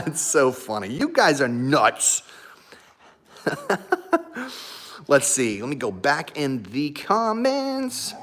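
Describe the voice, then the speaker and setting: Animated, laughing dog-owner host. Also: male voice, mid-range voice, slow, few pauses, slight background noise. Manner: animated, laughs often, talks to his dogs. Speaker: YouTube live stream host. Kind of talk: casual live stream chat with viewers.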